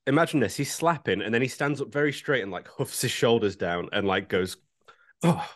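A man's voice: medium pitch, animated, fairly quick, fairly bright tone. A man co-hosting a casual podcast, playful and fond of spinning comic scenarios. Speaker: podcast co-host. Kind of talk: casual panel chat.

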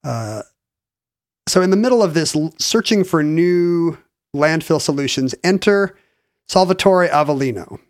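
Guy cohosting a podcast, bit high voice, wry and chatty, dry close mic. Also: animated, dry recording. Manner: chatty, wry, halting with restarts. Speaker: podcast co-host. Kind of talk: casual chat, explaining a story.

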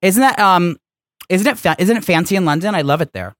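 A man's voice: high-pitched, expressive, brisk, fairly bright tone, no echo. A man co-hosting a podcast from a studio, chatting in a campy, teasing, mock-pompous way. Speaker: podcast co-host. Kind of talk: casual chat.

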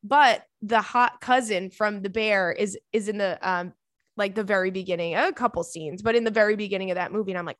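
A woman's voice: medium pitch, a little fast, fairly bright tone, no echo, clean studio sound. A young woman hosting a podcast, chatting casually in a rambling, gushing way and swearing freely. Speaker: podcast host. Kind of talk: casual chat.

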